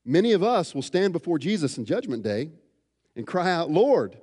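A man's voice: a little high, big pitch swings, moderate pace, a little mellow, slightly rough. Man preaching in a reverberant hall. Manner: expository preaching, rhetorical questions. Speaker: pastor. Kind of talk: sermon.

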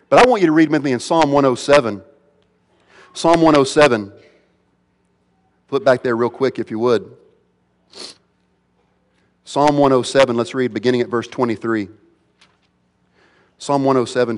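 A male pastor preaching a sermon, swinging from loud pleading to hushed, quiet passages. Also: medium pitch, normal speed, long pauses. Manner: dramatic swings between loud pleading and hushed near-whispers. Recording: long reverb of a large hall.

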